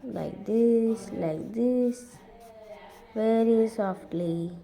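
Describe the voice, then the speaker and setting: A woman's voice: fairly high pitch, very slow, vocal fry, warm tone, rough recording. A woman giving a step-by-step drawing tutorial in simple, repeated instructions.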